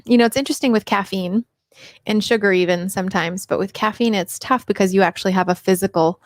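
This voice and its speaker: A woman's voice: medium pitch, quick pace, no echo, studio quality. A middle-aged woman hosting a casual live Q&A stream on her own mic, chatty and upbeat, greeting viewers by name. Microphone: personal microphone.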